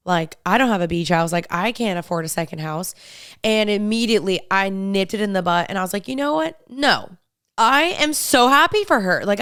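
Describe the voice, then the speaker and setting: Bubbly young woman with a smooth voice. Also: medium pitch, fairly bright tone, no echo, studio quality. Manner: bubbly, chatty, fillers like "literally" and "like". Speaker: podcast host. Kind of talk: casual chat.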